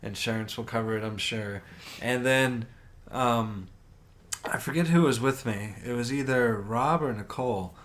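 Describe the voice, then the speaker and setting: A man's voice: mid-range voice, a little slow. Guy on a podcast telling a crash story, swears a ton, gets really into it. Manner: animated, swears a lot, acts out his own reactions. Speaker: podcast co-host. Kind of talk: casual storytelling chat.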